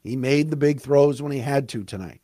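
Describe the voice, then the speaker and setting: A man hosting a solo sports talk podcast, recapping a game with emphatic, fan-like commentary and quick asides. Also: mid-range voice, warm tone, no echo, studio quality.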